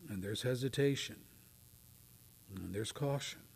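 A man preaching a sermon, swinging from loud, declaiming readings to near whispers. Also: medium pitch, measured pace, creaky, breathy edge. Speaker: pastor. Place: church.

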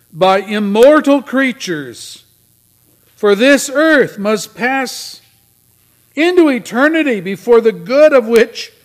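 A man voicing an anguished old male ghost in chains who laments, high, loud and slow. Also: full character voice.

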